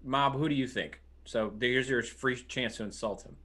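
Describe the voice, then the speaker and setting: A man's voice: mid-range voice, moderate pace, bright, forceful tone. A man co-hosting a film podcast, joking with friends and telling stories in casual chat. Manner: joking, laughs often, storytelling. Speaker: podcast co-host.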